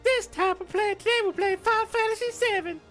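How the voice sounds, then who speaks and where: A man's voice: very high voice, fairly quick, a bit bright, soft background music. A man voicing a ditzy, cutesy young female streamer persona, bubbly and airheaded, squealing when panicked. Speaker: game streamer. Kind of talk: put-on character voice on a livestream.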